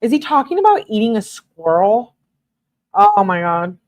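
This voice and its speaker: Reading a couple's texts aloud at normal speed, a true crime commentator speaks in a high, sing-song voice with no room sound. She interrupts with exasperated, sarcastic commentary.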